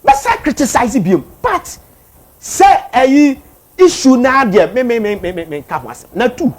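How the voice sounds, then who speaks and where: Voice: mid-range voice, measured pace, a little hiss or hum. A speaker with a Ghanaian accent, commenting animatedly in casual talk and mixing two languages. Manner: animated, switches between Twi and English.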